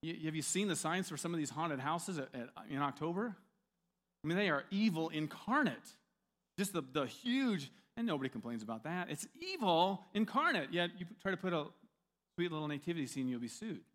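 A man preaching in a relaxed, conversational way. His voice sits somewhat high. He restarts sentences often and keeps asking his listeners questions. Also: fairly quick. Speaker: pastor. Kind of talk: sermon.

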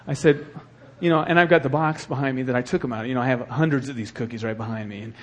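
A middle-aged male pastor preaching a sermon with animated delivery and acted asides. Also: mid-range voice, quick pace.

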